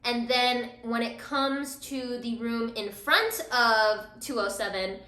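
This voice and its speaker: A woman's voice: on the high side, takes it slowly, bright, forceful tone, slight background noise. A young woman vlogger casually recapping a drama while doing her makeup, chatty and full of fillers, acting out the characters' lines. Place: room at home, doing makeup. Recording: echoey room.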